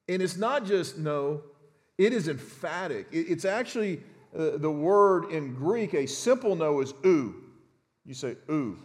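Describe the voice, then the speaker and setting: A man's voice: on the high side, darkish tone. Conversational pastor, man, in a reverberant hall. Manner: conversational, often restarts words and checks in with "right?". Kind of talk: expository sermon. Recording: long reverb of a large hall.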